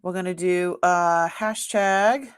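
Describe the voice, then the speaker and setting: Live sale host, woman, Boston accent, slow and chatty. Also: on the low side, smooth. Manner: chatty, talks to herself while working the screen; excited squeals when announcing a winner. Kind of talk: live-stream chat.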